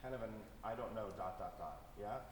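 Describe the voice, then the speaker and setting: A man's voice: fairly low pitch, fairly quick, noisy background. A man conductor rehearsing an orchestra, coaching players, singing phrases in syllables and asking "yeah?" to check they follow. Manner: coaching, sings phrases in syllables, tag questions. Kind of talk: rehearsal instruction. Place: large concert hall. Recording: echoey hall from far off.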